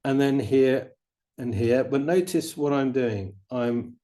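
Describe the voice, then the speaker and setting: A middle-aged man teaching watercolor painting, chatting in a relaxed way and explaining each step as he paints. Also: medium pitch, slow pace. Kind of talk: painting demonstration.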